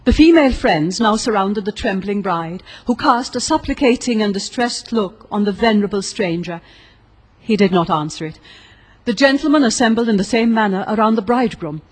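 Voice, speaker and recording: A woman narrating a gothic story as an audiobook reader, in a steady, expressive storytelling manner. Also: medium pitch, moderate pace, slightly rough.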